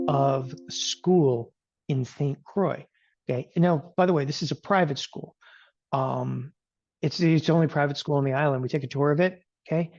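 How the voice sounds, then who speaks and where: A man's voice: fairly high pitch, mellow, dry recording, dull audio. A middle-aged man giving casual live market commentary as a strategist, chatty and peppering his talk with "okay?".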